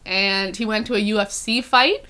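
A woman's voice: medium pitch, moderate pace, sharp tone. A young woman hosting a podcast, chatting about celebrity gossip in an upbeat, giggly way. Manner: giggly, upbeat, many fillers. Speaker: podcast host. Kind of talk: casual celebrity gossip chat.

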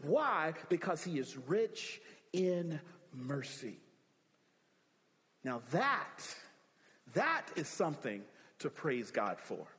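A man's voice: on the high side, big pitch swings, takes it slowly, long pauses, fairly bright tone, big-room sound. A man preaching a sermon as pastor, emphatic, repeating key phrases with rising emphasis.

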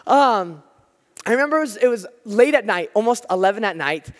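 An American man preaching a sermon, telling stories with animated, self-deprecating humor. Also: high-pitched, fairly quick. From United States. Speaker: pastor. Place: church hall. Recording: long hall reverb.

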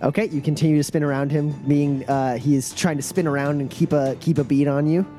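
A man narrates as game master, pausing often and filling the gaps with uhs and likes. Faint music plays underneath. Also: a little high, flat delivery, dark tone. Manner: halting, filler-heavy narration.

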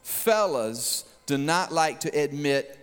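A man preaches with a high voice, acting out scenes with playful humor. His words ring out with a long hall reverb. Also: slow, clean tone. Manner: animated, joking, acts out voices. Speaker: pastor. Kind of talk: sermon.

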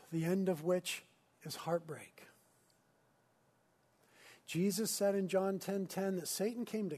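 This sermon comes from a sincere male pastor with a somewhat high voice. He moves between insistent, forceful stress and soft, whispered closeness.

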